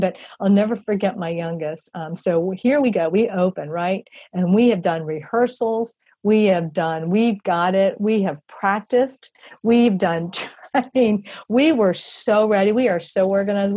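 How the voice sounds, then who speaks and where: In a lowish voice with no room sound, a woman in her fifties, a guest and executive director, tells a heartfelt story. Her delivery is animated and emphatic, and she often repeats herself.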